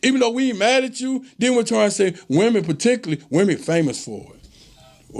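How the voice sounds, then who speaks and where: Man, host; high, gravelly voice; emphatic, preachy monologue. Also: animated, fairly quick, darkish tone. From American South. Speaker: show host. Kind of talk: casual monologue.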